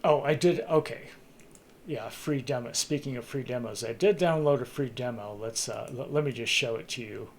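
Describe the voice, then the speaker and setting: At a moderate pace and in a mid-range voice, a man hosts a talk segment on his live stream, sounding casual and a little worn out. He rambles, chuckles, and keeps restarting his thoughts partway through; there's a little hiss or hum in the audio.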